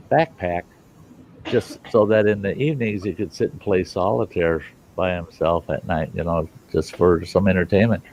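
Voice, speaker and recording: A man's voice: deep voice, darkish tone, slight background noise, rough recording. A man hosting his own show, telling jokes in a folksy, rambling way and laughing at his own punchlines. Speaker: host. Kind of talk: casual joke telling.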